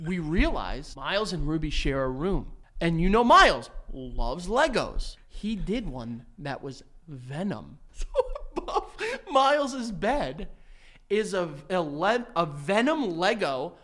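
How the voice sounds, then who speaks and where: A man's voice: fairly high pitch, slow. A man in his thirties co-hosting a podcast, chatting casually and telling stories with bursts of laughter. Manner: animated storytelling, bursts of laughter. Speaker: podcast co-host. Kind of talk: casual chat.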